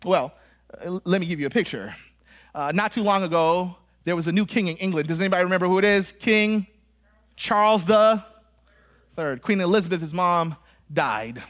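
High-voiced animated American preacher. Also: male voice, normal speed. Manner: animated, joking asides, acts out quoted voices. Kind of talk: sermon.

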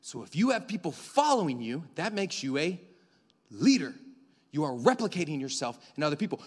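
A young man in his twenties preaches a sermon in a church sanctuary, his voice sitting a little high. He swings between excited, loud bursts and soft, intimate passages. A long hall reverb trails behind every phrase. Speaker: pastor.

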